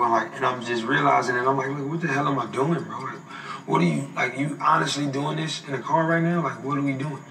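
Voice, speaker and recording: A man's voice: mid-range voice, bright, forceful tone, roomy sound, far from the mic, rough recording. A man giving a documentary interview, telling a story in casual slangy speech.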